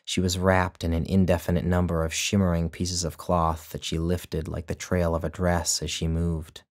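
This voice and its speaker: A man narrating his own short story in a measured, deliberate storytelling manner. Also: sits low, completely flat delivery. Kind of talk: scripted narration.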